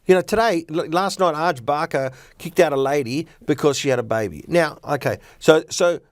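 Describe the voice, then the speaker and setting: A man's voice: a little high, moderate pace, dry recording. A middle-aged man, a stand-up comedian talking bluntly and animatedly in a casual podcast chat. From Australia. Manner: blunt, opinionated, animated storytelling.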